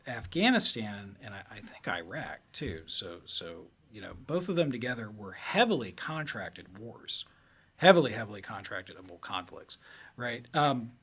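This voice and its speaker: A man who is a retired army officer, guest on a podcast, telling a war story in casual talk. He rambles with lots of fillers and tags like "right?", and he jumps into high voices to act out other people. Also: very animated, measured pace, fairly bright tone, breathy edge. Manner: loose, rambling phrasing with many fillers and tags like "right?" and "too".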